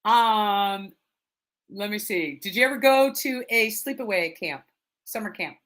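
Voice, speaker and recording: A woman realtor hosting a casual live stream interview over a video call, chatty and quick to laugh as she fires off questions. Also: medium pitch, a bit bright. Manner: chatty, laughs easily, rapid-fire questions.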